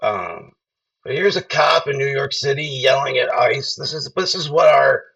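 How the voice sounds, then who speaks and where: A podcast host giving casual political commentary in a profane, mocking rant. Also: male voice, medium pitch, normal speed, gravelly, a bit bright, recorded from a distance, muffled recording.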